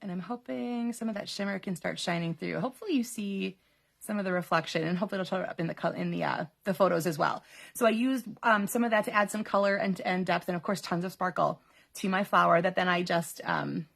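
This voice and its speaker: A woman hosting a live card-making show, talking through her samples in a chatty way with lots of ums and quick self-corrections. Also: on the low side, vocal fry, a bit bright, slightly rough. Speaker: crafting show host.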